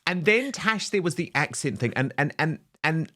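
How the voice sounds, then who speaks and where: A man hosting an opinion talk show, speaking in a mocking, animated way with stammered restarts. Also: on the high side, normal speed. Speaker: host.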